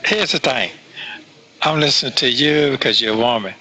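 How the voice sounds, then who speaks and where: A man's voice: medium pitch, normal speed, sharp tone. A man in a played clip who insists on his point and keeps repeating himself. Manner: insistent, repetitive.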